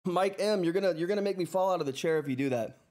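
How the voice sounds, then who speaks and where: A man with a high voice talks rapid-fire while running a live stock-trading stream from a chair at home. Reading the viewer chat, he keeps thanking people, laughs a lot, and bursts into excitable, flustered exclamations.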